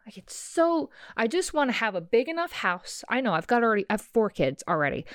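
Fired-up woman podcaster, smooth and dry. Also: medium pitch, no echo. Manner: animated, emphatic, swears, addresses listener as sis. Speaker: podcast host. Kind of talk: casual solo podcast rant.

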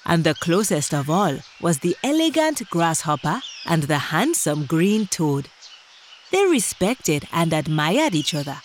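A woman narrating a children's story in a gentle, expressive way, speaking directly to young listeners. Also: on the low side, a little hiss or hum.

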